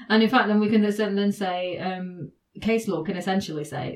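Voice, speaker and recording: A woman's voice: mid-range voice, moderate pace, darkish tone. A woman hosting a casual podcast. She talks in a chatty, easygoing way and laughs often as she walks through a legal case. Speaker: podcast host.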